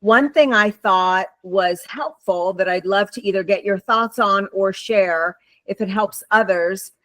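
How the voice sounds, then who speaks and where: A woman's voice: mid-range voice, unhurried, a bit bright, dry recording. Woman moderator reading questions, dry voice. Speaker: webinar moderator. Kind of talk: reading chat questions aloud.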